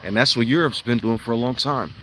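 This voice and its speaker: A man, talking in a rambling, blunt monologue that swings into loud, emphatic bursts. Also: mid-range voice, brisk, slight background noise. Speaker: vlogger. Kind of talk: casual monologue on an evening walk. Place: outdoors at night.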